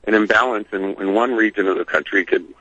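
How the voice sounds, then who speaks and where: This low-voiced Philadelphia regular talks quickly in a bright, forceful tone as he calls a radio show. He rambles and hesitates, leaning on fillers, with no echo and the dull sound of a phone line.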